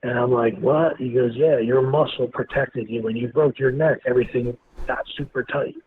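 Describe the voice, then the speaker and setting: A man's voice: mid-range voice, normal speed, breathy edge. A man, a guest in an interview, telling a story bluntly and with lots of swearing. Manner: blunt, profane, animated storyteller. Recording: tinny phone-like line with faint noise.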